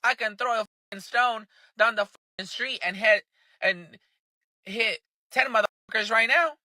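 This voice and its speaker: A man's voice: sits high, moderate pace, bright, forceful tone, dry recording. A man ranting angrily and sarcastically, swearing heavily in casual commentary. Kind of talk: angry profane rant.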